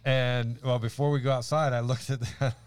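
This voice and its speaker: A man's voice: mid-range voice, normal speed, smooth, no echo. Laughing storyteller man, dry sound. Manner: animated, laughing storyteller with many restarts. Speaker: podcast co-host. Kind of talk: casual faith chat and storytelling.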